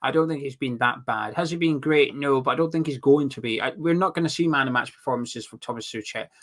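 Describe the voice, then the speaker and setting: A man's voice: mid-range voice, a bit bright. A man co-hosting a casual football podcast, chatty and opinionated. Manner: chatty, opinionated, quick restarts. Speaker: podcast co-host.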